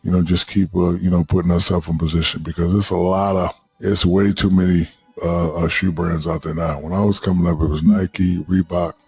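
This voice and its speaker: A man in his fifties telling stories as a podcast guest, profane and animated, acting out quotes. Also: fairly quick, few pauses, faint music behind. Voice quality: deep gravelly husky voice. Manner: profane, animated storyteller who acts out quotes. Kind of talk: casual storytelling chat.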